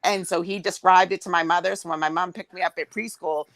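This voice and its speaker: Low-voiced woman telling a rambling story. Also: fairly even intonation, fast talker, a bit bright, no room sound, poor audio. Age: 40s. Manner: rambling, many fillers, acts out quotes. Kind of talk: casual storytelling chat.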